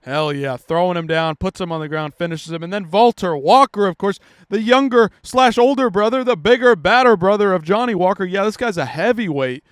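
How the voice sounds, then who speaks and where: A high-pitched man talks through fight results in a brash, profane, trash-talking way. His voice is smooth and clear. The recording is dry and close, with no room sound. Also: no echo. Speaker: MMA commentary host. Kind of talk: casual profane fight recap.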